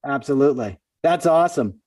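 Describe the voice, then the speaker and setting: A man, a comedian and guest, telling quick, animated backstage stories in a casual interview. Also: mid-range voice, dry recording, distant mic. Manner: animated storyteller, quick asides. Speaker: comedian and podcast host, guest. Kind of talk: casual phone-in interview storytelling.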